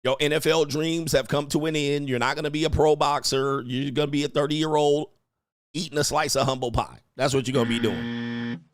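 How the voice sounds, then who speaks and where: A podcast host's voice sits a little high, moving fairly quickly with fairly even intonation. He hosts a casual commentary stream in a brash, profane style, chuckling often and tacking "all right?" onto his lines out of habit.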